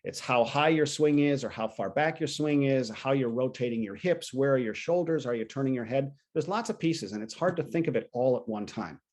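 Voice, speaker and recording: A man leads a coaching session over a video call, talking in a plain conversational way and slipping into short quoted lines from clients. His voice sits at an ordinary middle pitch for a man. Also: animated, a little fast, few pauses, a little mellow. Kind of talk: teaching a training session.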